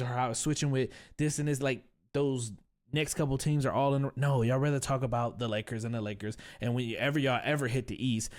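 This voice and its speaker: A man's voice: mid-range voice, a little mellow. A man hosting a sports reaction vlog, ranting in a blunt, slangy and profane way that rambles between points. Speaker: sports commentary vlog host. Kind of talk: casual reaction rant.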